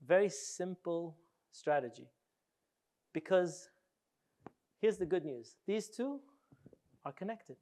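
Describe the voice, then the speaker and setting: A man giving an animated, jokey workshop talk and quizzing his audience. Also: high-pitched, slow pace, pauses often. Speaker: speaker.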